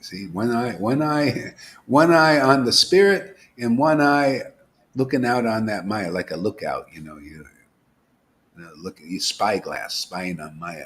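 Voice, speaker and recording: A man giving an informal, animated devotional talk as a spiritual teacher, dropping to whispers and rising to exclamations. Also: lowish voice, measured pace. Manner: animated preaching, swings from whispers to loud exclamations.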